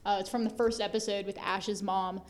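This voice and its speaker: A woman co-hosting a podcast, excitable and quick to laugh in casual chat. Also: medium pitch. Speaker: podcast co-host.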